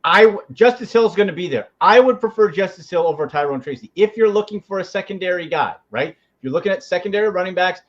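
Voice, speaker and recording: A man talking as a fantasy football analyst on sports radio, giving quick, emphatic takes with frequent restarts. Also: sits high, expressive, highs cut off.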